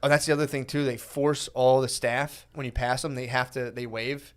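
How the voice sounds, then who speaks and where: A man's voice: medium pitch, steady tone, normal speed, clean tone. A young man co-hosting a comedy podcast, telling loose stories that ramble and trail off into mumbles. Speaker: podcast co-host. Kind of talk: casual comedic storytelling.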